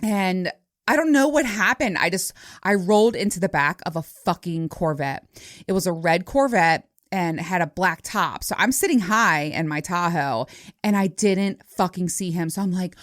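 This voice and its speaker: A woman's voice: on the low side, moderate pace, no room sound, studio quality. Profane, laughing woman podcaster in her forties. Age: 40s. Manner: laughing, profane, animated storytelling. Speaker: podcast host. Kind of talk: casual solo storytelling.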